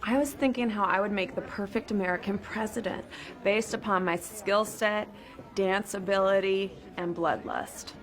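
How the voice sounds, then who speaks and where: An actress playing a brash, self-assured eccentric woman who boasts grandly and deadpan in a sitcom. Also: medium pitch, moderate pace, close to an everyday voice. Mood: smug. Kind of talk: sitcom acting.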